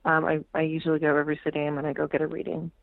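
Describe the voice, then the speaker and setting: A woman's voice: low voice, completely flat delivery, racing, gravelly, dry recording. A woman tarot reader telling stories as a radio guest, frank and swearing freely, acting out the voices she quotes. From United States. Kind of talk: casual storytelling interview. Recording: tinny phone-like radio line.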